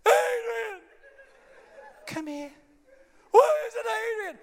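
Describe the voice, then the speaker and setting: A man voicing a desperate young male boxer who shouts and sobs as he pleads. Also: extremely high pitch, takes it slowly, gravelly, voice pushed up, heavily acted. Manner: shouting and sobbing, heavily emotional. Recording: long hall reverb.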